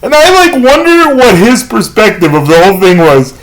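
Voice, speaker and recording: Halting, higher-voiced man telling jokes. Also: lively intonation, rough recording. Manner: halting, with many pauses and fillers; self-deprecating storytelling. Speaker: amateur comedian. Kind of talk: self-recorded stand-up comedy monologue.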